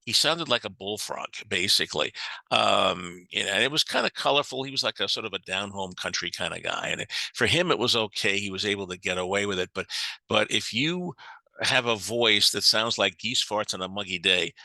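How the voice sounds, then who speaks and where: An older American man giving a lively business seminar talk, chatty and joking, with many fillers and restarts. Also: on the low side, a little fast, vocal fry, no room sound, low-quality recording. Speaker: business speaker.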